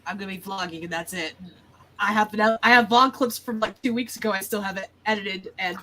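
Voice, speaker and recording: A woman author speaking on a casual livestream in a quick, matter-of-fact way. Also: medium pitch, pushed and bright, slight background noise, poor audio. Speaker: guest author. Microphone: video call.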